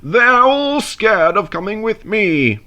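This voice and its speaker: A man's voice: sits high, very animated, takes it slowly, bright, forceful tone, lo-fi sound, pitched above the performer's own voice, heavily acted. A man reading a storybook aloud, voicing a boastful, reckless young male steam engine in a scornful, bragging tone.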